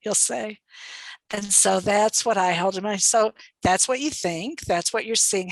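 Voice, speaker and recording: A thoughtful woman guest speaker answers questions over a video call. Her voice sits at a middle pitch and comes through dry and close, with no room sound. She speaks reflectively and laughs lightly now and then. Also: measured pace, no room sound, low-quality recording. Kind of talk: online webinar Q&A answer.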